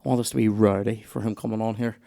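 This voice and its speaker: A man's voice: on the low side, fairly even intonation, fast, gravelly, mellow. A young man with a Northern Irish accent hosting a podcast in casual chat, telling rambling, sweary stories full of restarts. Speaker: podcast host, comedian.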